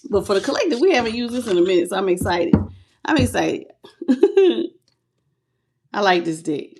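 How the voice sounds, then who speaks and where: A woman's voice: mid-range voice, expressive, moderate pace, music in the background. A woman hosting a live tarot reading, greeting viewers by name in a playful, affectionate way, calling them baby and boo, laughing often and stretching out her greetings.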